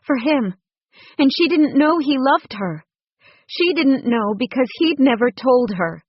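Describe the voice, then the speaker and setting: A woman giving a measured, gently expressive scripted narration of a romance audiobook. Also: a little high, no room sound, highs cut off.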